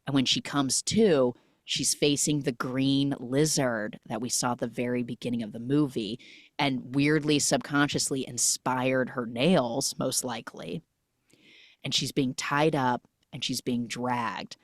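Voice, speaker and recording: A woman hosting a movie recap podcast who retells the plot in an animated way and acts out the characters' lines. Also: rumbling low, a little slow, dry recording, clean studio sound. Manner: animated storytelling, quoting characters. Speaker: podcast host.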